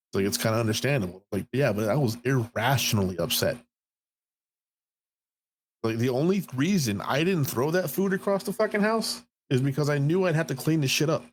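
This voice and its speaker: A man's voice: mid-range voice, expressive, fairly quick, a little hiss or hum. A man in his thirties on a podcast, telling a story in a profane, heated way. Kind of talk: casual podcast chat.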